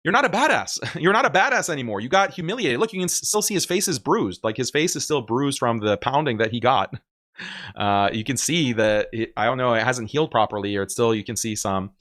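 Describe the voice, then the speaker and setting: A man's voice: medium pitch, animated, fairly quick, fairly bright tone. A man giving casual reaction commentary on a stream, emphatic and argumentative, often laughing.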